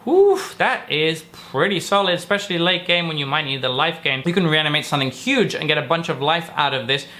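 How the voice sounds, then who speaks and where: A man's voice: on the high side, expressive, a little fast, few pauses, bright, forceful tone. A man reviewing trading cards in a casual, upbeat way, reading each card's text aloud and then giving his take. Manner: upbeat, reads card text then reacts. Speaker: card game reviewer. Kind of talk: casual card review commentary.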